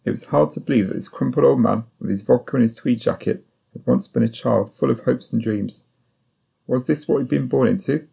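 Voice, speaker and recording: A man narrating a first-person novel as an audiobook, in a measured, sombre storytelling voice. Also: medium pitch, creaky, mellow, husky.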